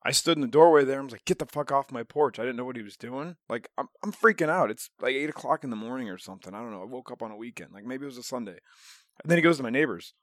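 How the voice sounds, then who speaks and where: Midwestern man, animated and profane storyteller, average pitch, recorded dry. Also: racing, dry recording. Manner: animated storyteller, swears a lot, laughs often. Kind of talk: casual podcast chat.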